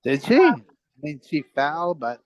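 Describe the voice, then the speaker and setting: A movie club member chatting casually, teasing the host and reacting quickly. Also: medium pitch, big pitch swings, a little mellow. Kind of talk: casual chat.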